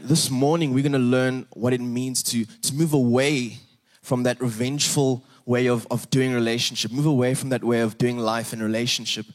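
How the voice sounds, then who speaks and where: A young South African man delivers a sermon in easy, conversational English. His delivery is casual, full of small restarts and rhetorical "right?" asides to the congregation, with a pitch sitting right in the ordinary middle for a man. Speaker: preacher.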